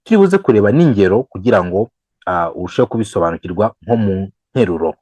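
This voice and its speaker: A man's voice: on the low side, lively intonation, darkish tone, slightly rough, dry recording, rough recording. Man teaching English grammar. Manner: switches between English and Kinyarwanda, repeats examples slowly, counts the learner in. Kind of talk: bilingual grammar lesson.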